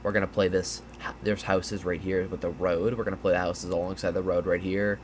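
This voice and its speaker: A tired, yawning man talks through gaming strategy over a map in a casual gameplay breakdown, rambling with fillers and restarts. His voice sits low with a level tone and a slightly fast pace, over slight background noise.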